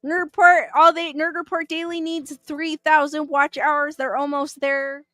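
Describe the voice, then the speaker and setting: Chatty woman livestream host, high and bright, dry close sound with faint music behind, reading chat and musing aloud. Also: little pitch movement, a little slow, dry recording. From Southern California. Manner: chatty, laughs often, thinks aloud with fillers. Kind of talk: casual live chat.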